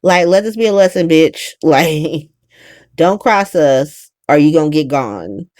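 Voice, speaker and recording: A woman's voice: expressive, measured pace, darkish tone, no echo, studio quality. A woman doing a smug, blunt henchman. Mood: threatening. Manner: low, blunt, threatening.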